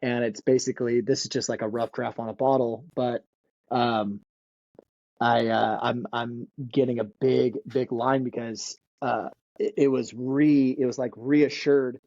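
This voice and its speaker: Excitable man, dry lo-fi sound. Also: medium pitch, measured pace, vocal fry, dry recording. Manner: excitable, repeats words, laughs often. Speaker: podcast guest. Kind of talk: casual interview chat.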